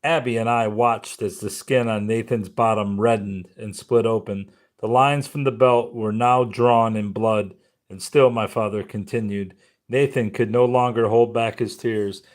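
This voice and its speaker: A man narrating a memoir audiobook in a somber, measured way. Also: fairly low pitch.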